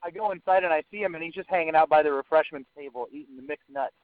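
A man's voice: fairly high pitch, fast talker, no room sound. A man casually telling a story as a podcast co-host, swearing freely and saying "like" often. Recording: dry, narrow phone-like sound.

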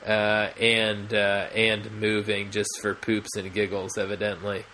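Casual podcast man, slow and rambling, full of ums and restarts, faint noise behind. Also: lowish voice, completely flat delivery, sharp tone. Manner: rambling, many fillers and restarts. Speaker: podcast co-host. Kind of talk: casual chat.

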